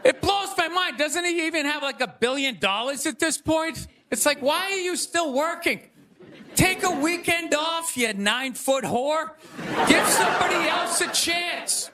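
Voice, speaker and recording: A man hosting a comedy show, delivering a rambling stand-up monologue with exasperated loud bursts. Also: very high-pitched, lively intonation, unhurried, slight background noise. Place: stage before a live audience. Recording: live show with crowd laughter.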